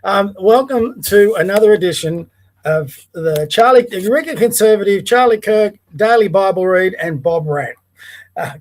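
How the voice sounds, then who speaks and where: A man with an Australian accent hosting a casual daily podcast, rambling and chatty, stopping to talk to his dog. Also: a little high. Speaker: podcast host. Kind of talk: casual solo vlog chat. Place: home by the bay.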